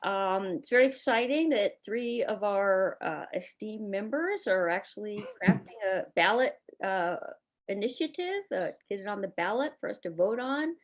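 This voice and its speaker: A woman's voice: medium pitch, lively intonation, normal speed. A woman taking over as facilitator of a club meeting, introducing the speakers with many hesitations.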